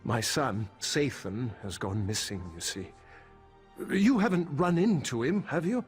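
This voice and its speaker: A worried, polite farmer, voiced by a man, a put-upon husband who once worked in finance and now frets over his missing son. He speaks at an ordinary pitch over soft game music. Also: lively intonation, unhurried, natural voice.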